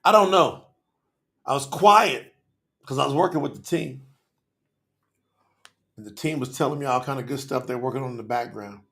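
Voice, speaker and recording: Gravelly, fired-up man hosting a livestream. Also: medium pitch, brisk, long pauses. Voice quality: passionate and excitable, calls out viewers by name. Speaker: livestream host. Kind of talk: lively livestream talk to chat viewers.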